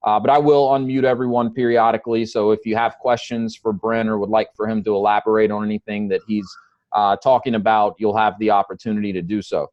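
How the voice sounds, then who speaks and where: A man's voice: fairly low pitch, flat delivery, fairly quick, a little mellow, no echo, lo-fi sound. A man with a Southern accent hosting a business webinar, talking in a friendly, loose way with many ums and uhs. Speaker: webinar host.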